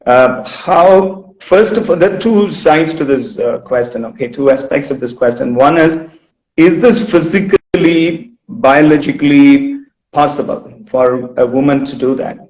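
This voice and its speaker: A man's voice: on the high side, unhurried, darkish tone. A man hosting an interview as a running coach, rambling and restarting with repeated words. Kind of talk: casual interview chat. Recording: roomy echo.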